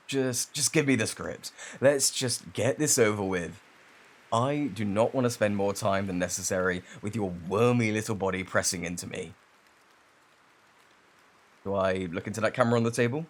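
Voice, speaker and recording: A young man with a British accent voicing a rude, defensive male student bully in an ASMR role-play, curt and hostile, later shaky and vulnerable. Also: on the low side.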